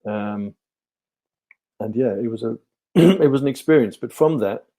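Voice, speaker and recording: Mellow-voiced man telling stories. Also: medium pitch, expressive, a little slow. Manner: rambling, many ums and restarts. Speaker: podcast guest, life coach. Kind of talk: relaxed storytelling interview.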